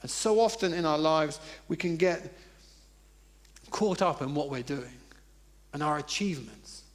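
A man's voice: fairly high pitch, measured pace. A man preaching a sermon, telling funny personal stories in a conversational way. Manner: conversational, humorous storytelling.

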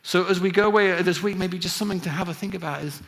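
A middle-aged man from England preaches to his congregation in an easy, conversational way. His voice sits a little high, and he often restarts a phrase or leans on small fillers as he goes. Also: fast talker, fairly bright tone. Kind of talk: sermon.

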